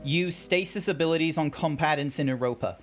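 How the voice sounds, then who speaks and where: A man's voice: on the high side, brisk. An Australian man streaming a video game, talking to himself and to his chat in a rambling way. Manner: chatty, rambling self-talk. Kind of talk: casual gameplay commentary. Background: game music.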